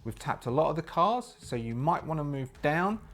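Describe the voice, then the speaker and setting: A man voicing a blunt woman who leads a survivor haven in a zombie role-playing game, in his own everyday voice, bossy and brisk as she hands out orders. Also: a little high, sing-song, fairly bright tone, pitched above the performer's own voice, full character voice. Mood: instructing.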